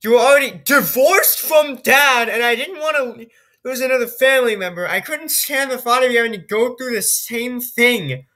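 A woman's voice: fairly high pitch, normal speed, fairly bright tone, natural voice. A worried, doting mom, read by a woman. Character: worried, doting mother of the player character.

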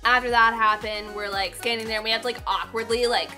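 Young woman, vlogger, crisp bright voice, slightly high, chatty and self-mocking, faint music underneath. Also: steady tone, fast. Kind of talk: casual chat to camera. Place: indoors, sitting on a cardboard box.

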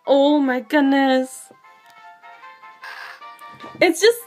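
A woman streaming a game live, excited and rambling, her voice shaky with excitement as she reacts. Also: sits high. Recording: faint music behind.

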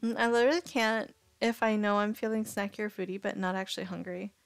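A woman's voice: medium pitch, steady tone, fast talker, gravelly, no echo, soft background music. A woman streamer chatting casually and thinking aloud, rambling and indecisive. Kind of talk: casual live-stream chat.

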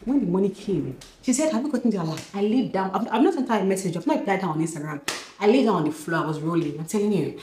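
A young Nigerian woman vlogging from home, telling stories excitedly and acting out dialogue. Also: medium pitch, very fast, slight background noise. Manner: excited, animated storytelling, acts out dialogue. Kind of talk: casual vlog talk. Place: home, indoors. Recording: echoey room.

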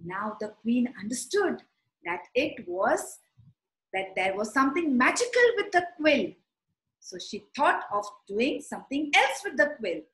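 A woman teaching young children, telling a story and guiding letter writing in a slow, sing-song, animated way. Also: on the high side. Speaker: preschool teacher. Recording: echoey room.

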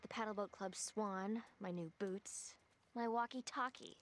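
A woman voicing a dry, no-nonsense goth schoolgirl agent in an animated series. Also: medium pitch, a little slow, slight background noise, lightly acted. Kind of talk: cartoon voice acting.

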